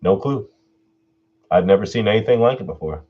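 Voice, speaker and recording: A man hosting his own live stream Q&A, telling a personal story in a laid-back way, swearing freely and getting animated when he retells what people said. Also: on the low side, a little fast, slightly rough, narrow, tinny audio. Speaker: channel host doing a live stream Q&A.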